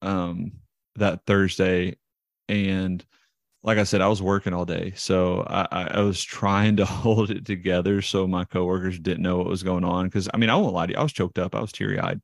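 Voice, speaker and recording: A man with a low, gravelly voice talks through long stories as an interview guest. He restarts his sentences often and pokes fun at himself. The sound is dry and close. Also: little pitch movement, normal speed, no echo. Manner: rambling, self-deprecating, restarts often. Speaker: interview guest, baseball player. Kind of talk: casual storytelling interview.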